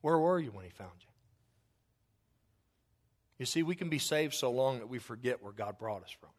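A male pastor delivers a sermon in a church, his voice sitting at an ordinary middle pitch. He preaches fervently, driving points home by repeating phrases in a steady rhythm. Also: moderate pace. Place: church sanctuary.

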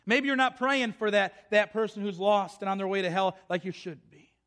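Delivering a fervent sermon, a man repeats himself and restarts sentence after sentence. The voice is high and a bit bright, moving at normal speed.

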